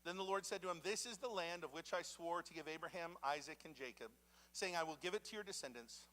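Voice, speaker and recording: Animated, bright-voiced male preacher. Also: on the high side, fast. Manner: animated, conversational preaching with dramatic voiced quotes. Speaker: pastor. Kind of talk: sermon. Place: church sanctuary.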